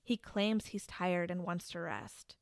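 A woman's voice: fairly low pitch, animated, takes it slowly, vocal fry, no room sound, clean studio sound. A woman casually retelling a true crime case to a friend, building to dramatic reveals with restarts and fillers. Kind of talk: casual storytelling chat.

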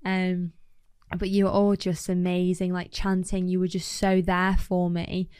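A woman's voice: fairly low pitch, monotone, unhurried, darkish tone, clean tone, no echo, clean studio sound. A young woman chatting animatedly as a podcast guest, with plenty of fillers. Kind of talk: casual storytelling chat.

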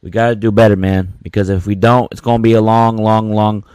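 A man's voice: fairly low pitch, flat delivery, a little fast, a little mellow, clean tone, dry recording. A man hosting his own sports podcast, venting casually in slang with many repeated words. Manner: slangy, repetitive, frustrated venting.

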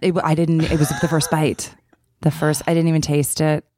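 A young adult woman co-hosting a podcast, telling stories in a deadpan, self-mocking way over a studio microphone. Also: deep voice, normal speed, no echo. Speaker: podcast co-host. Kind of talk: casual comedic chat.

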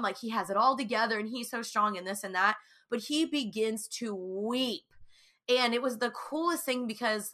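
Bright-voiced young woman, earnest faith talk. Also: on the high side. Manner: earnest and animated, with many fillers like "like". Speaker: Christian speaker sharing her testimony. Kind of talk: casual faith talk to viewers.

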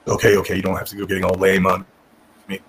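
A man imitating a male wrestling booker who talks in a flat, deadpan monotone, lower than his own voice. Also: fast talker, a little hiss or hum, poor audio.

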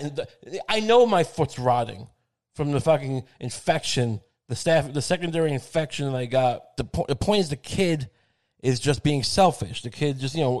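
A man's voice: a little high, animated, normal speed, darkish tone. A man delivering a rambling comedic monologue in a sardonic, crude tone. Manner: rambling and sardonic, with frequent fillers and crude swearing.

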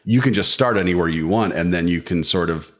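Very deep-voiced man in casual chat. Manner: joking, quick asides with laughs. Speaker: podcast co-host. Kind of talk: casual chat about screenwriting.

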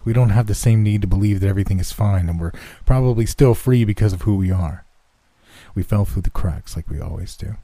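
A man's voice: lowish voice, a little fast, mellow, dry recording. A man voicing a weary grown man, an outsider who talks bluntly and earnestly in a horror story reading. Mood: urging.

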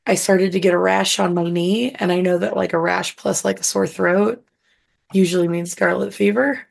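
A woman co-hosting a podcast, hoarse and husky from illness, telling a long story in casual chat with plenty of fillers. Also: on the low side, fairly even intonation, moderate pace. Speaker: podcast co-host.

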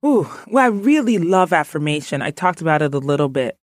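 A woman from Ghana, a podcast guest, chatting in an animated, playful way and laughing often. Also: low voice, fairly quick, dry recording, studio quality. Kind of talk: casual interview chat.

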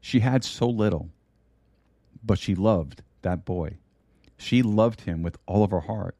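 A middle-aged man preaching a sermon and telling a story, slowing down to stress key words. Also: on the low side, dark tone, no room sound.

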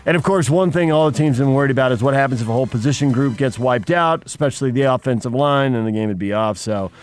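A man's voice: mid-range voice, fast talker. A man hosting a morning sports radio show, reading headlines and teasing his co-host with dry humor.

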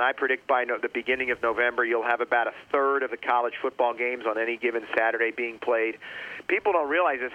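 A man who teaches at a university, giving opinionated, rambling takes as a guest on a sports talk show. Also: medium pitch. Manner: opinionated, animated, rambling with restarts. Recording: dull lo-fi radio sound.

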